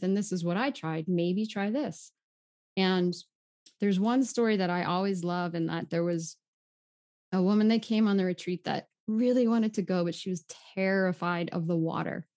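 A woman who leads retreats, a guest telling a story in an earnest, gentle way. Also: on the low side. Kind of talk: conversational storytelling.

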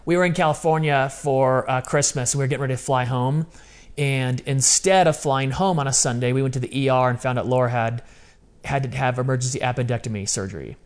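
A man's voice: medium pitch, a little fast, smooth. A man talking as an interview guest, telling personal stories in an emphatic, casual, slang-heavy way. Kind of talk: candid personal storytelling.

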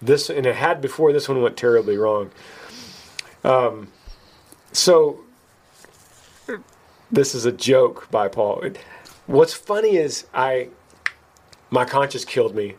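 A man's voice: medium pitch, unhurried, long pauses, slight background noise. A man hosting a podcast, telling a story in casual chat and acting out the quoted lines with a lifted voice. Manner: animated, acts out quoted lines in a raised voice; laughs at himself mid-story. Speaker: podcast host.

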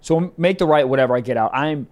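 A man, a comedian and podcast co-host, telling a story in casual chat, animated and cursing often. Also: fairly high pitch, quick pace. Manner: animated storyteller, swears a lot.

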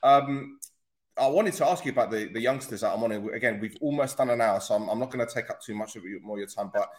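A man's voice: on the low side, quick pace. A man hosting a casual football interview, chatty and rambling, joking with guests. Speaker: podcast host. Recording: echoey room.

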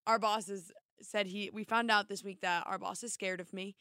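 A woman with a slight New Jersey accent co-hosting a radio podcast in a casual, teasing, loud way. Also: medium pitch, steady tone, normal speed, no room sound, clean studio sound. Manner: loud, teasing, talks in bursts. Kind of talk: casual chat.

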